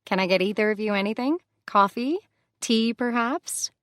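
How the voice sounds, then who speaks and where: A woman voicing a warm, eager female housekeeper who fusses over her guests. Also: fairly high pitch, moderate pace, no echo, studio quality, pitched above the performer's own voice, close to an everyday voice. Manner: bright, fussing hostess voice.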